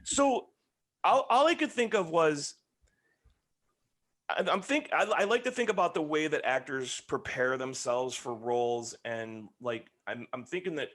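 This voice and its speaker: A man in his forties, a podcast guest, joking around in animated casual chat. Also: on the high side, a little slow. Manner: animated, joking, voices other people.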